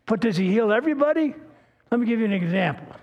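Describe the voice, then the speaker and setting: A man's voice: high voice, animated, fast, lo-fi sound. An older man preaching a sermon as pastor, telling stories in a folksy, earnest way, often restarting his words. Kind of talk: sermon with personal storytelling.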